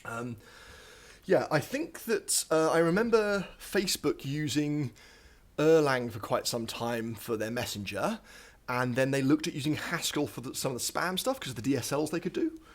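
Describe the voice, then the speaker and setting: Brief: husky young male coder, slightly winded, chatty live-stream explainer with a lively, up-and-down delivery. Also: medium pitch, normal speed. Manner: thinks aloud, chatty with frequent ums and asides. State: out of breath. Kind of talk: live coding stream commentary. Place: home office at a standing desk.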